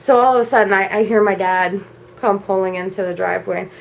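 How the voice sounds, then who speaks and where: A young woman vlogger at home, telling a personal story in a casual, animated way. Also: medium pitch, brisk, gravelly, low-quality recording. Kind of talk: storytime vlog. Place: home at night.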